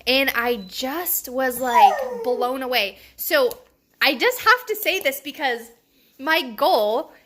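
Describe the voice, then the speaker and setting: In her personal vlog, a young woman with a high voice chats casually to the camera. She's excitable, laughs readily, and uses lots of fillers.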